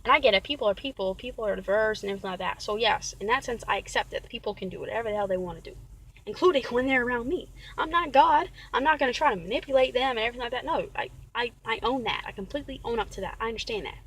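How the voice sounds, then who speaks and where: A woman's voice: on the high side, animated, rapid-fire, a bit bright, slight background noise, rough recording. A woman venting in a casual vlog rant, rambling and exasperated, often repeating herself. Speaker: vlogger.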